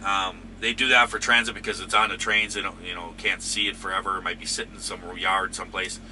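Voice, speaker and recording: A man hosting a trucking channel who rambles easygoingly through viewer comments. His voice sits a bit low but comes across sharp and bright. A faint engine hum runs behind him in the cab. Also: level tone, quick pace. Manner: rambling, easygoing, lots of fillers. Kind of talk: casual chat reading viewer comments.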